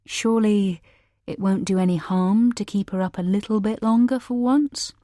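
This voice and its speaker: A woman's voice: medium pitch, steady tone, normal speed, mellow, no room sound, clean studio sound, close to an everyday voice. A woman reading the part of an eager, placating young husband in an audiobook, with a hopeful, pleading manner. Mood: strained patience.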